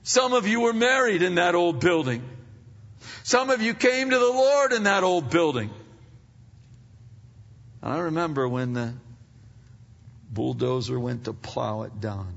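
Gravel-voiced older pastor preaching in a hall. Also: male voice, fairly high pitch, lively intonation, measured pace, pauses often. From Pennsylvania, United States. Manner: conversational preaching, swings from loud to hushed. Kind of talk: sermon. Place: large church sanctuary. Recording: dull reverberant hall sound.

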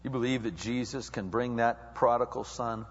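A man's voice: medium pitch, fairly even intonation, normal speed, slightly rough. A male pastor preaching a sermon. He asks the congregation question after question and builds his intensity as he goes. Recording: dull sound with long hall reverb.

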